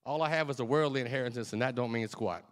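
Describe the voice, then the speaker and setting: Fervent male preacher, average pitch. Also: fast. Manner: fervent, conversational, emotional storytelling. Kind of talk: sermon.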